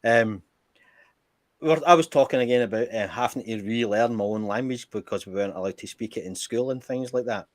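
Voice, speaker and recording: A man's voice: on the low side, fairly quick, no echo. A man on a live stream, swearing freely as he tells stories in casual chat. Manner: swears freely, tells anecdotes with acted quotes. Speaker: guest.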